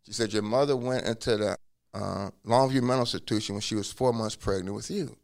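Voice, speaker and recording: Deep gravelly man telling a story. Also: a little fast. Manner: acts out quoted dialogue in a lively way; casual, drops curse words. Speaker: guest telling his life story. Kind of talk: conversational storytelling.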